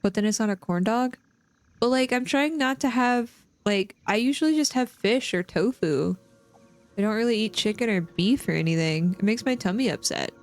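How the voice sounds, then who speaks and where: A woman's voice: fairly high pitch, lively intonation, moderate pace. Woman streamer just chatting with chat mid-game, rambly, faint game music under her. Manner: rambling, chatty, restarts often. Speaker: live streamer. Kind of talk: casual chat with stream viewers while gaming.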